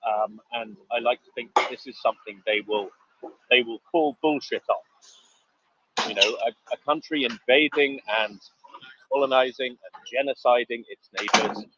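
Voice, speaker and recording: A man hosting an online discussion, speaking in a measured, thoughtful way with frequent fillers. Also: medium pitch, background noise. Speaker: host. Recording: muffled dry online audio.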